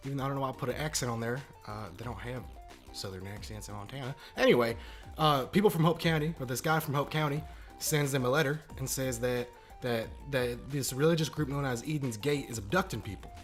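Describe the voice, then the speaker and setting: A man hosting his own video channel, giving a casual spoken review that rambles and corrects itself, jumping from loud bursts to muttered asides. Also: medium pitch, fast. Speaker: video game channel host. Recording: faint background music.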